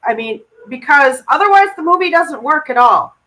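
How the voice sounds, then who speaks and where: A woman guest on a podcast, chatting casually about a movie, chatty with halting restarts. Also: high voice, expressive, pushed and bright, poor audio. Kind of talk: casual movie review chat.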